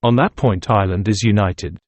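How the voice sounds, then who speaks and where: A man's voice: lowish voice, brisk, no room sound, close to an everyday voice. A man reading the part of a nervous, pompous young male student who speaks with mannered, pedantic precision.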